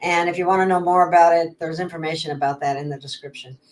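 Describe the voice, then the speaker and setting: A woman's voice: lowish voice, steady tone, fast talker, poor audio. A woman host chatting casually, making brief, agreeable remarks. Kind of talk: casual chat.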